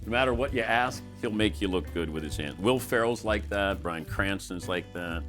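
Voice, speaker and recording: A man's voice: on the low side, normal speed, few pauses, fairly bright tone, soft background music. A man hosting a sports talk show, bantering casually and laughing with guests in the studio.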